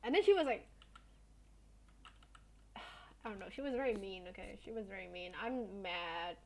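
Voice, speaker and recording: A woman's voice: mid-range voice, animated, normal speed, vocal fry, a little mellow, slight background noise. A young woman streamer chatting casually with her viewers, telling a story in a blunt, indignant way and swearing often.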